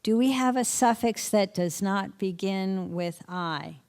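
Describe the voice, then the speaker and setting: A middle-aged woman teaching spelling rules to a room of teachers, firing quick questions and often answering them herself. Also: mid-range voice, darkish tone, smooth. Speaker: literacy instructor. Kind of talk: spelling lesson to an audience of teachers.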